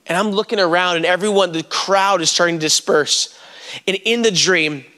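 Bright-voiced man preaching a sermon. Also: high-pitched, moderate pace. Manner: storytelling, addresses the congregation directly.

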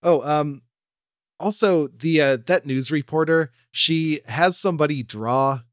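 A man's voice: fairly high pitch, unhurried, dry recording, studio quality. A man co-hosting a podcast, chatting loosely about a TV show, laughing often and swearing. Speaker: podcast co-host. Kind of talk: casual chat recapping a TV episode.

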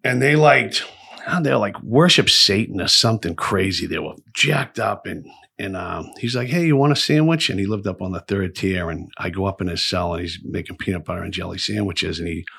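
A man's voice: low voice, fairly quick, vocal fry, bright, forceful tone, breathy edge. A middle-aged man hosting a podcast, telling stories in a rambling way full of restarts and fillers. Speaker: podcast host. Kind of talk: casual storytelling chat.

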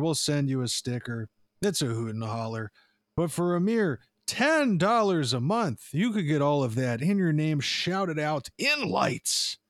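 A hammy, jokey man co-hosting a podcast, his voice a little high and bouncing all over the place. He reads plugs and shout-outs with a grin, close and dry on the mic. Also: no echo. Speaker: podcast co-host. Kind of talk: casual chat. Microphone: close studio microphone.

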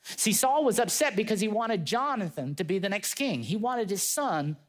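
A male pastor preaching a sermon, retelling a story with lively acted-out voices and chatty asides to his congregation. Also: high voice, normal speed. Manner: animated storytelling, acting out quoted voices.

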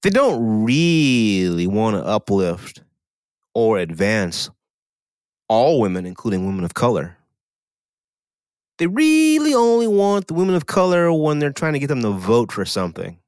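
A man's voice: wildly swooping pitch, unhurried, a little mellow, no room sound. A man co-hosting a casual podcast, rambling and sardonic in his opinions. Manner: sardonic, rambling, sudden pitch swings. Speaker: podcast co-host.

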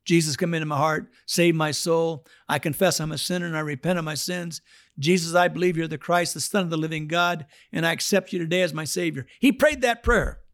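Pastor, male, storytelling sermon, slightly high voice, dry close sound, acts out every quote. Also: a little fast, dry recording. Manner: animated storytelling, acting out the people he quotes.

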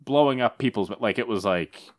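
A man's voice: medium pitch, normal speed. A young man in casual podcast chat, rambling with lots of filler words. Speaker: podcast co-host.

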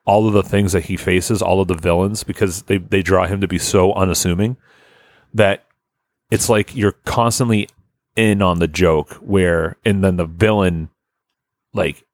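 Deep-voiced man chatting casually. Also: fairly even intonation, measured pace, dry recording, clean studio sound. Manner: rambling, enthusiastic, swears often. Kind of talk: casual chat.

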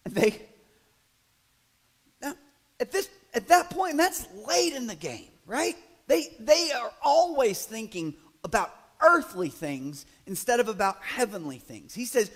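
A man preaching a sermon in a conversational way, building to loud, emphatic passages and acting out quoted voices. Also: very high-pitched, very animated, measured pace. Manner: acts out quoted voices in asides. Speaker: pastor.

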